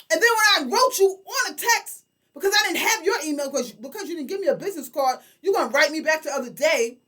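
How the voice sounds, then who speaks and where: A woman of about sixty vents straight into the camera, indignant and swearing freely as she calls people out. Her voice sits high and swings widely up and down as she talks. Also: a bit bright. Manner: indignant, profane and emotional, addressing people directly. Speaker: community leader. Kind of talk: direct-to-camera vlog rant.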